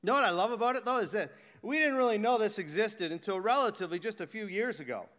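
Bright high-voiced man preaching in a hall. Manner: swings from excited, animated talk to hushed, slow reverent delivery. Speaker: pastor. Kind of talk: sermon. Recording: echoey hall reverb.

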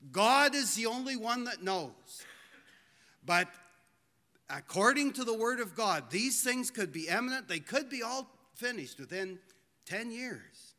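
High-voiced earnest preacher in a hall. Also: male voice, big pitch swings, sharp tone. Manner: earnest, pleading, slows for emphasis. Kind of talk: sermon. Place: church hall. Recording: long hall reverb.

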